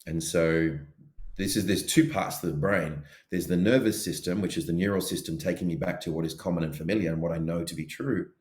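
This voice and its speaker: A man co-hosting a podcast in casual chat, animated as he acts out his inner voices. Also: low-pitched, fairly quick, reverberant. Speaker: podcast co-host.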